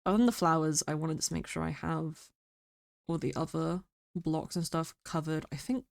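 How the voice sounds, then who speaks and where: A sick woman streamer chatting quietly and mumbling close to her microphone. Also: low-pitched, gravelly, no room sound. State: sick, rough throat. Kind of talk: casual stream chat. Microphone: very close to mic.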